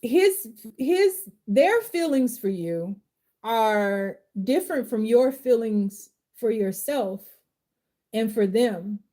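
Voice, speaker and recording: Woman tarot reader live, casual slangy and heartfelt; raised pitch, warm mellow tone. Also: expressive, takes it slowly. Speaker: tarot reader and life coach.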